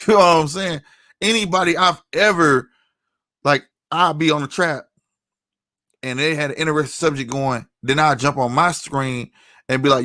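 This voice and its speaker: A man's voice: a little high, moderate pace, sharp tone, dry recording, studio quality. A man giving a heated commentary rant, angry and profane, often tossing in "you know what I'm saying". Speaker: online commentator.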